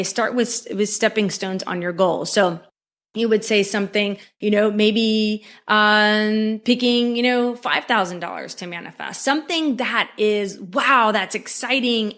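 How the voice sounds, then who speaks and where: A woman's voice: mid-range voice, fairly bright tone. Female podcast host, motivational coach, upbeat and encouraging, talks right to the listener. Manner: upbeat, encouraging, addresses listener directly with frequent "okay?".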